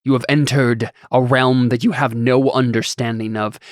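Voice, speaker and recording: A man playing a haughty, menacing dark lord. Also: mid-range voice, fairly even intonation, dry recording, studio quality, natural voice. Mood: haughty menace. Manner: slow, grandiose, menacing speech. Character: proud, scornful Black Numenorean male lord.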